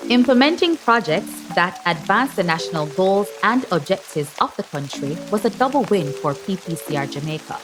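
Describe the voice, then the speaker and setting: A woman giving scripted podcast narration in an even, polished delivery. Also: lowish voice, moderate pace, few pauses. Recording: narration over clear music.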